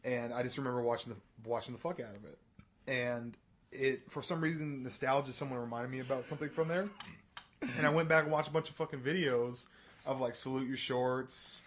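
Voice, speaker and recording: A man's voice: medium pitch, fairly even intonation, brisk. A man co-hosting a podcast, talking in a laid-back, hesitant way with many fillers. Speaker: podcast co-host. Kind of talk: casual chat.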